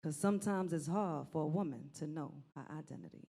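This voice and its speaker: A woman's voice: low voice, fairly quick, vocal fry, warm tone. A woman performing spoken word poetry in a rhythmic, rhyming delivery.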